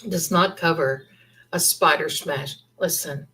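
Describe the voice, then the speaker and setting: A middle-aged woman hosts a casual livestream, wandering from thought to thought as she chats. Her voice sits a little low and sounds husky. She talks slowly. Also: bright, forceful tone, poor audio. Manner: rambling, chatty, thinks aloud. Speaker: livestream host.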